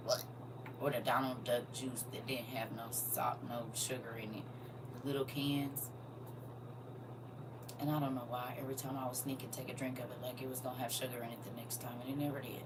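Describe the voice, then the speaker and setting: Low-voiced woman talking live, distant mic. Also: background noise. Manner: swings from soft, near-whispered to loud and animated. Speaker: live stream host. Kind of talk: casual live stream talk, reading viewer comments.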